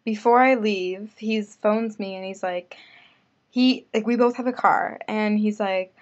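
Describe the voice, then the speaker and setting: A woman's voice: medium pitch, fairly even intonation, measured pace, dull audio. A young woman telling a casual vlog story, chatty and full of "like" fillers. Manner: chatty, filler-heavy with lots of "like". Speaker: vlogger.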